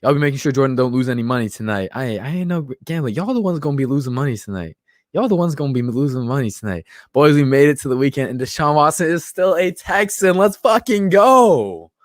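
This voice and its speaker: A tipsy young man hosts a loose, casual livestream, riffing with his viewers and reading their comments aloud. His voice sits at a middle pitch, and the sound is dry and close, with no room echo. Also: animated, fast. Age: 20s. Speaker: livestream host.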